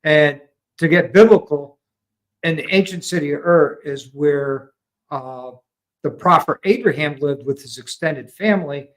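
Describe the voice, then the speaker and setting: A man with an American accent, a veteran guest telling a long story in a calm, explanatory way with frequent ums. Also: a little high, measured pace, low-quality recording. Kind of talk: casual storytelling conversation.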